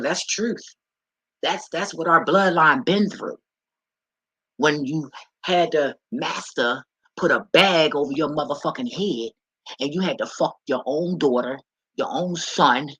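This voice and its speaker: Husky woman ranting bluntly to camera. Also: deep voice, fairly bright tone, no echo, low-quality recording. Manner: emphatic, preachy, profane, talks straight to viewer. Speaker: vlogger. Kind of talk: blunt profane advice rant.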